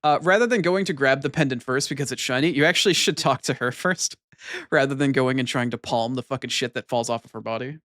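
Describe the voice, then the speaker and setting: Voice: mid-range voice, fast talker, fairly bright tone, dry recording, studio quality. Swearing, rambling game streamer. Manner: rambling, profane and self-deprecating. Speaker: gaming streamer. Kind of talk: casual let's-play commentary. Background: game music.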